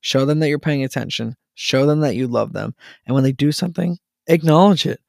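Man, 30s, podcast host, earnest, gravelly, dry close sound. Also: mid-range voice, brisk, no echo. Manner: earnest, repeats words when excited. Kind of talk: casual solo talk to listeners.

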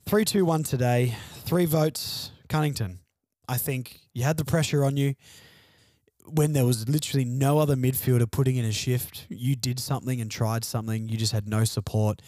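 A man's voice: medium pitch, steady tone, moderate pace, dark tone, no room sound, studio quality. A man hosting a fan podcast alone, venting frustrated, sardonic opinions about his team's loss. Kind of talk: solo sports podcast rant.

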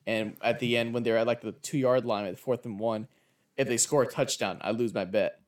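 A man with an ordinary mid-pitched voice talks football in a relaxed, jokey way. He swears freely and casually. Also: normal speed. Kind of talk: casual sports chat.

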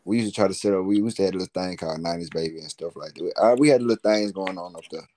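A very deep-voiced man chatting as an interview guest. He talks in a relaxed, rambling way and drops casual slang as he goes. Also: very fast. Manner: laid-back, rambling, slangy. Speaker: guest, musician and entrepreneur.

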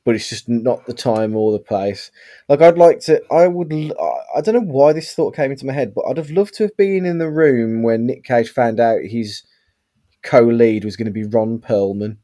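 Male co-host, mid voice, halting and dry. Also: mid-range voice, mellow. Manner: hesitant, dry humour. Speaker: podcast co-host. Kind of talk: casual film review chat.

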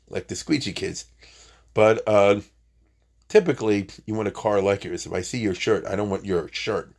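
Husky-voiced man teaching a chatty Bible class. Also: lowish voice, fairly quick. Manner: chatty, joking asides, Hebrew terms. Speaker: Torah teacher.

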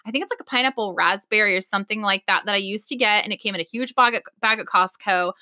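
A woman co-hosting a podcast in casual chat, bubbly and quick to laugh, with a lot of "like" in her speech. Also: medium pitch, pushed and bright, no room sound, clean studio sound. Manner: bubbly, laughs often, heavy use of "like". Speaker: podcast co-host.

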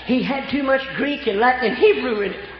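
A man's voice: very high-pitched, a little fast, music in the background. An older man preaching a folksy storytelling sermon, from Oklahoma, with homespun rural grammar. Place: church. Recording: echoey church room, dull lo-fi sound.

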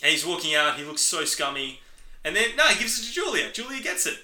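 A man co-hosting a podcast, excitedly retelling movie scenes and acting out the characters' lines in casual talk. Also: a little high, fast. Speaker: podcast co-host. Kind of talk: casual film discussion. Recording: echoey room.

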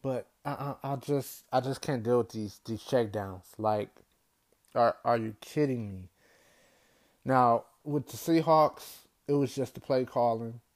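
A man's voice: medium pitch, measured pace. Exasperated man ranting about sports. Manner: exasperated, ranting, repeats himself, voice climbs when worked up. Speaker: sports podcast host. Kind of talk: solo sports commentary rant.

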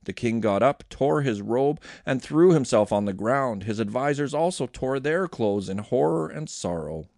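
A man reads scripture aloud as a daily reading host, his voice rising and falling with lively movement. The recording is dry and close, with no room sound around him. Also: medium pitch, moderate pace, gravelly, few pauses, no room sound.

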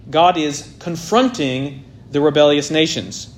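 A man preaching an expository sermon, swelling loud on key points and dropping very soft, with faint noise behind him. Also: fairly high pitch, a little slow.

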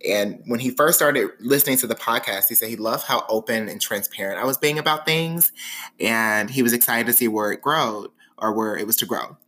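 A man's voice: medium pitch, moderate pace. A man hosting his own podcast, talking frankly and dramatically about his life in a candid monologue. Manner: dramatic, expressive storyteller; frank and sassy. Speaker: podcast host.

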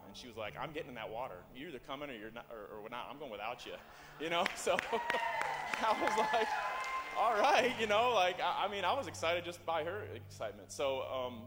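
A man, giving an excitable, rambling church testimony full of fillers and restarts. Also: mid-range voice. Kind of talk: personal testimony. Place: church sanctuary. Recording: reverberant church hall with music.

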